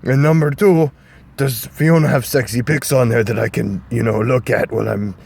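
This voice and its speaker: Man doing a gruff crude ogre. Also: mid-range voice, steady tone, moderate pace. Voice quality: poor put-on Scottish-ish voice. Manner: gruff, blunt, louder than usual. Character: grumpy crude male ogre.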